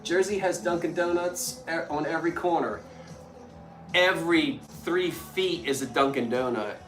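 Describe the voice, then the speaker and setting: A woman's voice: low voice, moderate pace, distant mic. Chatty woman hosting a live stream. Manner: chatty, animated storytelling. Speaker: live-stream host selling antiques. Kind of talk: casual chat. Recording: echoey room with faint music.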